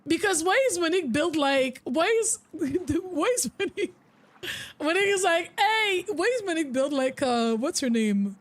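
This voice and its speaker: A woman's voice: very high voice, animated, normal speed. A young woman streaming a game with casual, giggly commentary, full of incredulous and teasing remarks.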